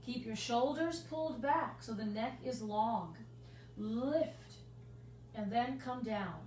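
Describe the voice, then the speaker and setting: A woman pilates instructor guiding a workout class and counting out the moves in a steady rhythm. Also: on the high side, slow pace. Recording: echoey room, mic at a distance, faint hum.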